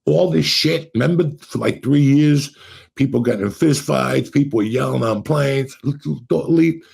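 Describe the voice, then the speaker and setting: A middle-aged man hosting a podcast, telling stories in a profane, animated way and acting out what people said. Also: medium pitch, measured pace, gravelly, husky. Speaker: podcast host. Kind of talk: casual storytelling chat.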